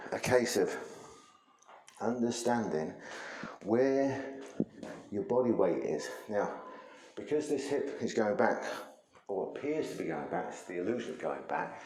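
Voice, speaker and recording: A man's voice: lowish voice, expressive, moderate pace, a little mellow, reverberant, a little hiss or hum, rough recording. A man teaching a martial arts lesson, explaining things conversationally while he demonstrates moves.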